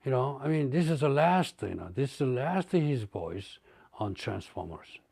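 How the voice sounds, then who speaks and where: A man recalling a recording session in an interview, speaking haltingly with many fillers and restarts. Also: mid-range voice, sing-song, gravelly, heavy background noise. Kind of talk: interview recollection.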